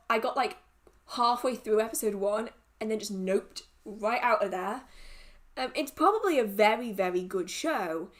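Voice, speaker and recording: A young woman hosting a livestream, chatting casually and rambling through viewer questions with restarts and laughter. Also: fairly high pitch. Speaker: livestream host.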